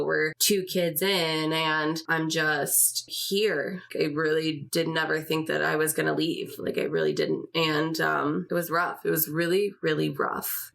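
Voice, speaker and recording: A woman's voice: lowish voice, vocal fry, fairly bright tone. A woman in her twenties hosting a podcast, telling her own story in a candid, emotional way and swearing freely. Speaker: podcast host.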